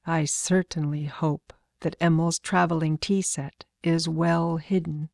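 A woman voicing a gentle, joking father in a storybook reading, with a wry, mild manner. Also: low voice, fairly even intonation, unhurried, vocal fry, no echo, clean studio sound.

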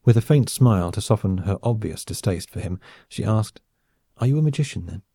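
Dark-voiced male audiobook narrator. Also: on the low side, husky, dry recording, clean studio sound. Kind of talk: scripted narration.

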